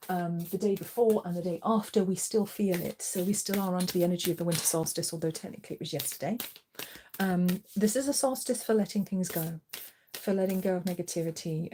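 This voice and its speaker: Mellow-voiced woman giving a tarot reading. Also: on the low side, slight background noise. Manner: chatty, reassuring, encouraging; coos to her cat in a playful voice. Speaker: tarot reader and channel host. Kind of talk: live tarot reading chat.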